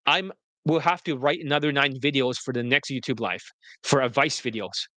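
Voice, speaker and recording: A man coaching on dating, talking bluntly and directly on a livestream and slipping into a polished sales-pitch delivery. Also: normal speed, pushed and bright, no room sound. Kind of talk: livestream talk mixing sales pitch and casual chat.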